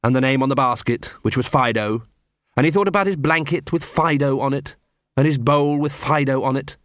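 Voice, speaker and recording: In a scripted audiobook narration, a man with a mid-range voice keeps his reading steady and measured. The recording is studio quality, free of room sound.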